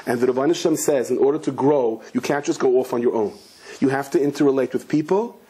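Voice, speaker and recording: A man, a rabbi, giving an animated Torah lecture full of storytelling and Hebrew and Yiddish terms. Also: quick pace, breathy edge. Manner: acts out the characters in a story with sudden high, shouting outbursts; sprinkles Hebrew and Yiddish terms into his English.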